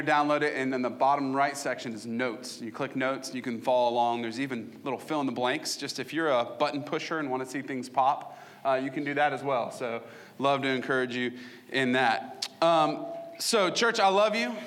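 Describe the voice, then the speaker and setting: A man preaching as pastor to his church, easygoing and conversational, with frequent ums and restarts. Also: medium pitch. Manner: casual, warm-hearted preaching with fillers and restarts. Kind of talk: sermon. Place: church sanctuary.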